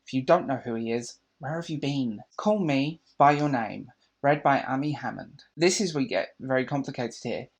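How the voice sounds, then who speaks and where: A man's voice: mid-range voice, normal speed, hardly any pauses. Enthusiastic British man chatting to camera. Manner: enthusiastic, rambling with restarts. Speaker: book vlogger. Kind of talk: casual chat to camera. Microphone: camera mic.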